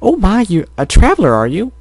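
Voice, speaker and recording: A man voicing a sweet, motherly female baker pony who fusses over her customers in a high, doting voice. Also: huge pitch swings, fairly quick, no echo, heavily acted.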